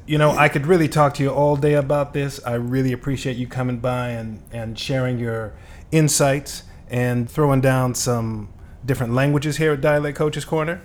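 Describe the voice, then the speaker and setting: A man's voice: medium pitch, darkish tone. A man hosting a podcast as a dialect coach, giving a polished thanks and sign-off to his guest. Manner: polished sign-off, short listening murmurs.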